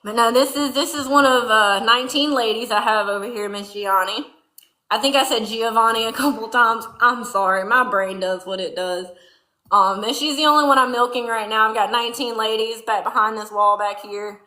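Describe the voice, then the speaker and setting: A chatty Southern woman with a Louisiana twang, talking folksy and easy as she reads viewer comments during barn chores. Her voice sits a touch high and sounds bright and forceful. The echoey barn rings around her phone mic. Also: normal speed. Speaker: farm livestream host. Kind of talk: casual livestream chat reading viewer comments.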